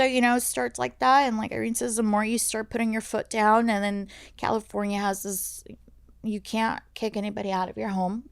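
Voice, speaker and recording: A young woman telling a painful personal story on a podcast, halting and full of fillers and restarts. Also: medium pitch, vocal fry, clean tone, dry recording, studio quality. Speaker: guest sharing her story. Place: podcast studio.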